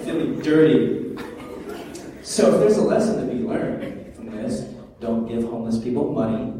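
A man's voice: mid-range voice, a little hiss or hum. Man telling a funny story in a hall. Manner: animated, acts out his own panic and quotes. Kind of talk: comic storytelling to an audience. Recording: roomy hall, voice from far off.

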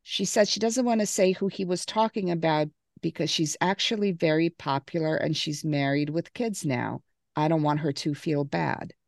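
Podcast host, woman, low with vocal fry, relaxed recap style. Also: moderate pace, no room sound, studio quality. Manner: recaps and reads quotes, laughs easily. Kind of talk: casual book-club chat.

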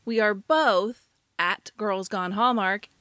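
A woman's voice: mid-range voice, takes it slowly, pushed and bright, dry recording. A woman co-hosting a chatty podcast, talking in an upbeat, conversational way. Her voice sits in a middle register. It sounds dry and close, with no room around it. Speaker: podcast co-host. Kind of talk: casual podcast chat.

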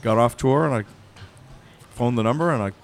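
A middle-aged man from Massachusetts telling lively stories in a casual chat, acting out the voices of the people he quotes. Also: mid-range voice, a little fast, gravelly, slight background noise. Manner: animated storyteller, acts out voices in quotes. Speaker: bar consultant and guest.

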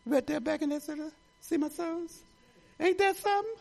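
An older woman pastor from Detroit, Michigan preaches a folksy, animated sermon, addressing the congregation directly and laughing through her asides. Her voice is high-pitched with vocal fry, at a normal speed.

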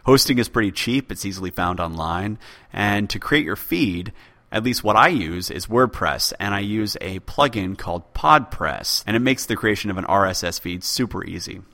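Podcast host, male, low pitch, forceful bright tone, dry humor, close mic. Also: animated, normal speed. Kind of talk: casual podcast talk, answering listener questions. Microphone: close USB mic with pop filter.

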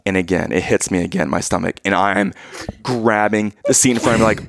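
A man telling a funny family story in casual chat, acting out his own past lines with loud outbursts. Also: fairly low pitch, a little fast, no room sound.

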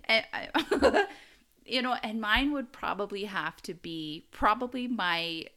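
A woman's voice: mid-range voice, slow pace, pushed and bright. A woman co-hosting a casual true-crime podcast, rambling and laughing often as she talks. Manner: giggly, rambling, frequent laughter. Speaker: podcast co-host.

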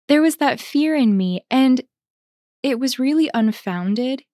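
A woman who is a religious sister, co-hosting a faith podcast in a reflective, conversational way, pausing to think and laughing easily. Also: sits high, lively intonation, mellow, no echo, clean studio sound. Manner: thoughtful, pauses with fillers, laughs easily.

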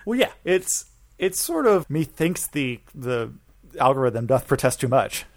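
A man's voice: medium pitch, very animated, unhurried, no room sound, studio quality. A man co-hosting a podcast in playful, casual chat. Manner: playful, jokey. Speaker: podcast co-host.

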